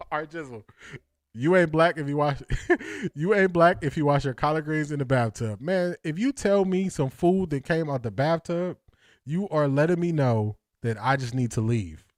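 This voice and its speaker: Slightly high and animated, the voice belongs to an Ohio sports talk livestream host who reads chat at a measured pace. He's casual and jokey, laughing frequently and repeating lines for effect, in studio-quality sound with no echo.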